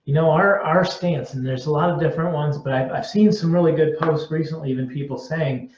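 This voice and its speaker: A man's voice: on the high side, fairly even intonation, brisk, darkish tone. Man answering questions in a roomy live stream. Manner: conversational, with frequent restarts and filler words. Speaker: curriculum representative answering viewer questions. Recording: roomy, slightly dull live-stream audio.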